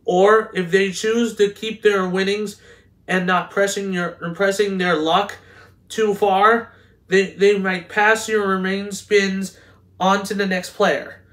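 A man with a fairly high voice reads game rules aloud. He talks haltingly, trips over words and restarts phrases again and again. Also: flat delivery, a bit bright. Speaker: host. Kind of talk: reading game instructions aloud.

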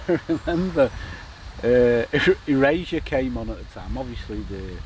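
A man's voice: mid-range voice, lively intonation, slow. A middle-aged man, rambling through a story while fishing, swearing freely. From Manchester, England. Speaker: angling vlogger. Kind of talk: casual anecdote. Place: outdoors by a lake, boat noise nearby. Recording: noisy outdoor lakeside recording.

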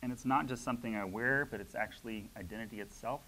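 A man sharing a spiritual reflection with a church congregation, talking in a reflective, halting way with many pauses and fillers. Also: fairly low pitch, sharp tone, slight background noise, low-quality recording. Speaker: church member sharing a word. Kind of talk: informal sermon sharing.

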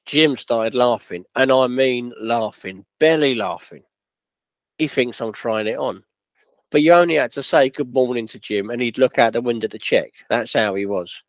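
Man, storytelling narration, steady plain delivery, mid pitch, muffled lo-fi sound. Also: normal speed, dry recording. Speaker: football club history narrator.

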